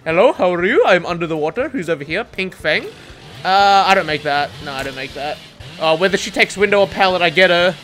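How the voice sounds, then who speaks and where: A gamer giving excitable live commentary over gameplay, swearing and laughing often. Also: mid-range voice, moderate pace. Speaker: gamer streaming a match.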